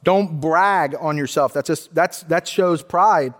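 An American pastor with a fairly high voice preaches slowly in a church sanctuary, the sound carrying a big-room feel. His sermon is earnest and conversational, and he often restarts his sentences.

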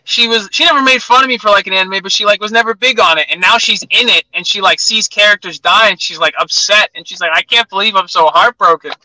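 A man's voice: high voice, fast talker, few pauses, pushed and bright, no echo, rough recording. A young man chatting casually as an interview guest, telling stories with lots of "like". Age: young adult. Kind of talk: casual chat.

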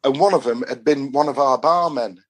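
A husky-voiced middle-aged man with a broad Yorkshire accent spins long, rambling stories from his travels. His pitch sits right in the ordinary middle, and his talk is loose and full of dialect turns. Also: brisk. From Doncaster, England. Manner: rambling anecdotes with dialect phrasing. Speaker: podcast guest. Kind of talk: casual storytelling chat.

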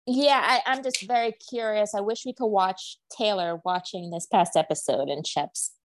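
A woman's voice: mid-range voice, moderate pace, dry recording. A woman co-hosting a podcast, chatting animatedly about reality shows and laughing often. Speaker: podcast co-host. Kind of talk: casual chat about reality TV.

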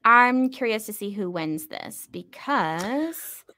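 A woman's voice: medium pitch, expressive, takes it slowly, bright, forceful tone. Chatty female podcast co-host, easy laughter, casual read-through. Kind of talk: casual chat.

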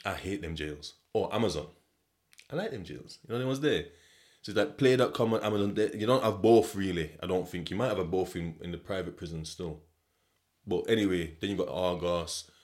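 Low and a little mellow, this young host's voice moves slightly fast through his casual solo podcast. His talk drifts around, filled with slang and cursing, and he laughs often.

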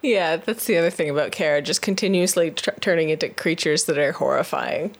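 A woman's voice: sits low, brisk. Dry-humored woman at a game table. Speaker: player. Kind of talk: casual tabletop play.

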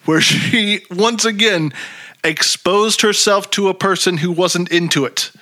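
A man's voice: high voice, a little slow, pushed and bright, no echo. A man co-hosting a podcast, joking and swearing casually as he recaps a sitcom episode. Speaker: podcast co-host. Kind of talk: casual chat.

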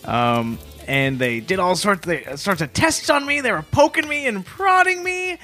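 Male comedy co-host, deadpan storyteller, bright and animated pitch, faint music under. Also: a little slow. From Canada. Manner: deadpan, matter-of-fact storytelling. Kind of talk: deadpan improvised comedy chat.

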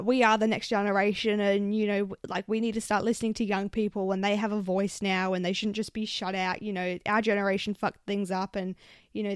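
Young woman, Australian accent, casual podcast chat, sweary and lively, dry close sound. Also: mid-range voice, no room sound. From South Australia. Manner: swears often, animated when venting. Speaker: podcast host. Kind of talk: casual solo podcast storytelling.

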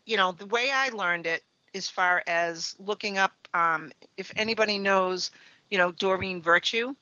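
A middle-aged woman, a trance medium, telling stories in a relaxed interview and often tagging her sentences with "right?" and "you know". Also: medium pitch, moderate pace, no echo, muffled recording. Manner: chatty, leans on "right?" and "you know" tags. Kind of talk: conversational interview storytelling.

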